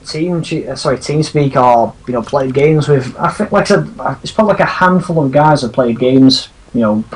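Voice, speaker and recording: A man's voice: mid-range voice, a little fast, a little hiss or hum, rough recording. A man hosting a livestream, chatting casually and rambling over gameplay. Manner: chatty, rambling, laughs often. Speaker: streamer host.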